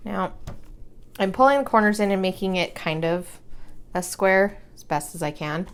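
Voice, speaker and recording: A young woman at her craft table talks through each step in a relaxed, chatty way. She giggles often and hums little tunes while she works. Her voice sits at a middle pitch. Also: moderate pace. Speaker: crafting vlogger. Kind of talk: casual craft tutorial chat.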